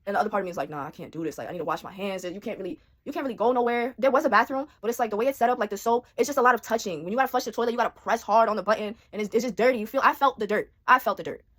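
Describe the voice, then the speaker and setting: Fast-talking young woman telling a story. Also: on the high side. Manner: rapid, animated, slangy retelling with quoted inner thoughts. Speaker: vlogger telling a personal story. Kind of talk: casual storytelling.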